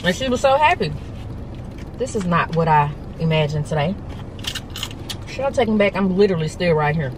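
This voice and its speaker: A young woman vlogging casually, talking to viewers in an animated, slangy, joking way, first from a car and then outdoors on a hill. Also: fairly low pitch, normal speed, pauses often, background noise.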